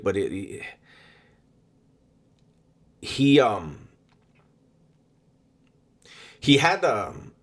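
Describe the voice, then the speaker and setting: A man casually recounting a personal story, halting often with ums and repeated words in an unhurried, conversational delivery. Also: medium pitch. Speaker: storyteller recounting prison experiences.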